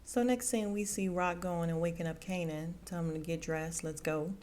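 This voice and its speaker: A woman's voice: fairly low pitch, fairly even intonation, normal speed, a little mellow, a little hiss or hum. A woman hosting a podcast, casually recapping a TV episode and quoting the characters' lines in a conversational way. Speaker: podcast host reviewing a TV episode.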